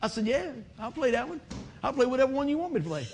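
Man, middle-aged, from West Virginia, preacher, storytelling sermon, high voice, faint background noise. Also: fast, creaky. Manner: animated storytelling, acting out voices, bursts of loud whoops.

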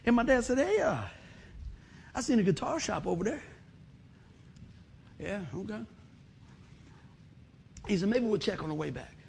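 A middle-aged West Virginia preacher tells a long personal story as his sermon, animatedly performing the other people's voices and breaking into loud whoops. His voice is high-pitched and creaky, and he takes his time, leaving long pauses. Slight background noise is audible.

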